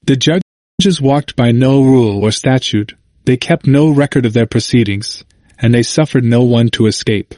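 A man's voice: medium pitch, normal speed, a little mellow, dry recording. Man reading history in a dry room. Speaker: narrator. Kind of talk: scripted narration of a history book.

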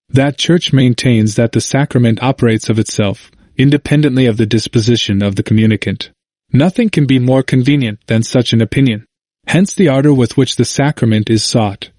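A man narrating a history book as an audiobook reader, reading in a measured way and lifting his voice for quoted passages. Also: a little mellow, no echo, clean studio sound. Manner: measured reading, quotes read with raised pitch.

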